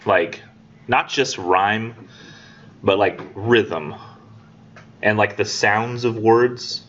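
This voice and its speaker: Speaking extremely slowly in a lowish, slightly bright voice, a man teaching English rambles casually through a lecture, cracking jokes and imitating his students. It's captured in a dull, lo-fi classroom recording.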